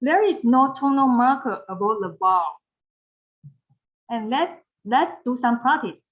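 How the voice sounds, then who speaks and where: Slow-spoken woman teaching Mandarin tones. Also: a little high, lively intonation, highs cut off. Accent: Mandarin Chinese. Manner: slow, repeats phrases, models tones for learners to repeat. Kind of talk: pronunciation lesson.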